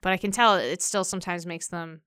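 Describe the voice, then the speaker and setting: A young woman talks things through in a casual discussion, turning ideas over by asking herself questions. Her voice is slightly low, very smooth and clear, and it sits dry and close to the mic. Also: fairly even intonation, fairly quick, pushed and bright, no echo. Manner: thoughtful, asks herself questions aloud. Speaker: discussion participant.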